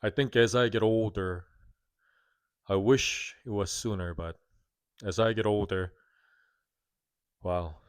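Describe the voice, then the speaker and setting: A man's voice: fairly low pitch, takes it slowly, long pauses, clear, resonant tone, dry recording. Candid, self-critical man in his thirties. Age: 30s. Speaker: vlogger. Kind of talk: confessional monologue to camera.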